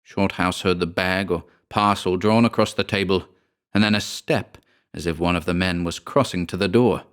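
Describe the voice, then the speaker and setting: Male audiobook narrator, very low voice, measured ghost-story delivery. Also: fairly even intonation, a bit bright, clear, resonant tone.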